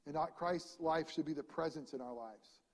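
A man preaching a sermon as pastor, reading scripture aloud and swinging between ringing proclamation and hushed, intimate passages. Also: on the high side, moderate pace. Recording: long reverb of a large hall.

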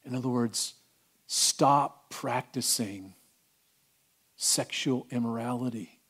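A middle-aged man preaching a sermon, acting out voices and swinging from loud declarations to hushed, tender lines. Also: medium pitch, slow, slightly rough. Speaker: pastor.

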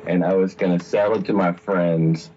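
Young guy rambling through a story, lots of swearing and laughing, lowish voice, dull lo-fi sound. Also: fairly even intonation, moderate pace, mellow, faint music behind. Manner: rambling, profane, laughing often. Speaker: guest storyteller. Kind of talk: casual storytelling chat.

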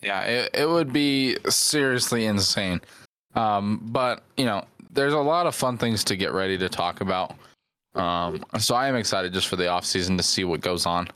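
A man co-hosting a sports podcast, chatting in a relaxed, easygoing way with fillers. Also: fairly low pitch, normal speed, clear, resonant tone, no room sound. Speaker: podcast co-host. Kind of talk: casual sports chat.

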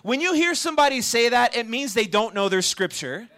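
Guy giving a campus sermon, chatty and animated, pretty high bright voice. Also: brisk. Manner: animated, conversational, asks the audience questions. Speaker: campus ministry preacher.

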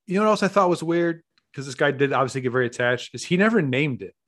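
A man's voice: mid-range voice, animated, fast talker, a bit bright, no room sound, studio quality. A man co-hosting a podcast in casual chat, blunt, cursing freely and laughing between his points. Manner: blunt, swears freely, laughs mid-sentence. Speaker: podcast co-host.

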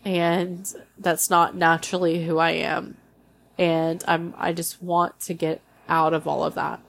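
Young woman, solo podcast host, raw and emotional, halting delivery, gravelly fry. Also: lowish voice, level tone. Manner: candid, emotional, halting with restarts.

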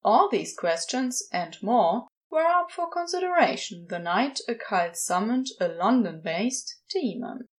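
A woman reading a comic story aloud as a narrator, with a wry, expressive delivery. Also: on the high side. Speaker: podfic reader.

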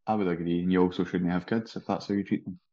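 A Scottish man chats in an easygoing, agreeable way, his voice sitting low. His mic sounds a little dull and muffled. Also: quick pace. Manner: relaxed, agreeable, short replies. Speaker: podcast co-host. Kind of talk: casual chat.

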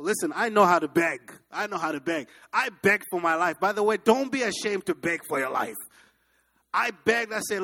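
Pastor, man from Africa, middle-aged; lively sermon storyteller with a raised voice. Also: high voice, normal speed. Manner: animated, dramatic, asks the congregation questions.

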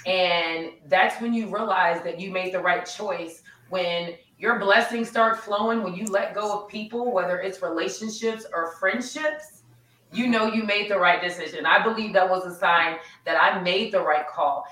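A woman with a bright, forceful voice hosts a podcast in an encouraging, upbeat way. She sounds a bit far from the mic, in an echoey room. Her chat is casual. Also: medium pitch, moderate pace. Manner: encouraging, upbeat, reads listener comments. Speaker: podcast host.

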